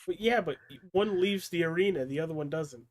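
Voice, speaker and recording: A man co-hosting a wrestling podcast, cracking deadpan dark jokes in casual chat. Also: a little high, brisk. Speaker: podcast co-host.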